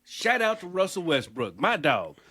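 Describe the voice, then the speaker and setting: A man co-hosting a podcast, chatting in a relaxed, laid-back way and dropping "man" into most sentences. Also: high-pitched, normal speed, slightly rough, dry recording. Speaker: podcast co-host. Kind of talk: casual chat.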